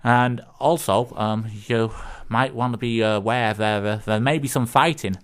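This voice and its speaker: A man's voice: mid-range voice, fairly even intonation, a little slow, clean tone, lightly acted. A man voicing a friendly North American backwoods neighbour in a put-on accent, telling a joke on radio. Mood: chummy.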